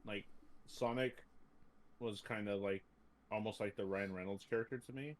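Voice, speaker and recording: Rambling man with a slightly low voice. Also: fairly even intonation, moderate pace. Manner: rambling, heavy on "like" fillers. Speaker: podcast co-host. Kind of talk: casual chat.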